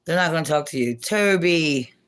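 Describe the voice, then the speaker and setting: A woman's voice: sits low, expressive, normal speed. A woman hosting a casual livestream from home on her phone, rambling and chatty, laughing often and swearing now and then. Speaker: livestream host.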